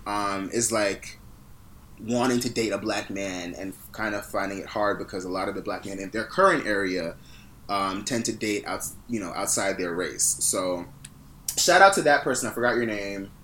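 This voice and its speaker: A man's voice: lowish voice, moderate pace, pushed and bright, a little hiss or hum. A man co-hosting a podcast in casual chat, telling stories with lots of fillers and restarts. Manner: rambling storyteller with many fillers. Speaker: podcast co-host.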